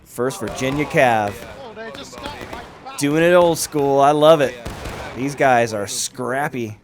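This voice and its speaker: A man hosting and commentating a large online battle game with lively, amused play-by-play. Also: medium pitch, slow. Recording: commentary over loud battle crowd noise. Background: crowd and gunfire of a large online battle.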